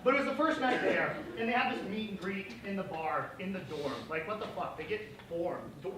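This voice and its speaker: A man's voice: high-pitched, a little fast, crowd noise. A young man telling a comic story on stage in a casual, profane way, laughing often. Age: young adult. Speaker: student performer. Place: auditorium stage with an audience. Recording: echoey hall, distant mic, noise.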